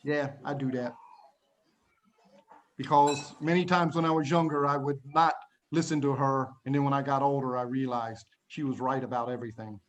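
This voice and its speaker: A man's voice: medium pitch, steady tone, moderate pace, muffled recording. A man teaching an online English lesson to children, explaining words patiently and plainly, laughing often, over a video call. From United States.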